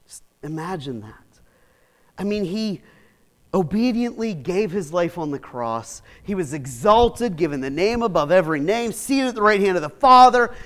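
High-voiced, animated male preacher. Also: moderate pace. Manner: conversational, animated storytelling with asides. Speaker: pastor. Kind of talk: sermon.

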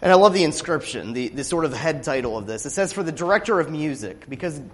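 A man preaching with a fairly high, wildly swinging voice, surging from quiet asides to ringing proclamations. The sound carries a long reverb from a large hall. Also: lively intonation, fast talker. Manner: passionate, rising to loud declamation when reading scripture. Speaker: pastor. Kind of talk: sermon.

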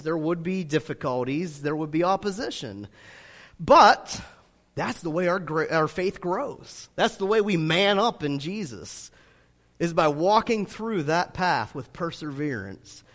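A male pastor with a fairly high voice delivers a sermon in a loose, chatty manner full of fillers, now and then pushing into loud, emphatic stretches. His voice rings through a large church hall with a long reverb tail. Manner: conversational preaching full of "you know" fillers, rising to loud emphatic bursts.

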